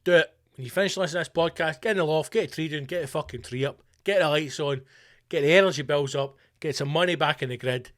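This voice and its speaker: A man's voice: fairly high pitch, quick pace. A Scottish man hosting a podcast, delivering a profane, ranting comic monologue with mock-rallying slogans. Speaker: podcast host.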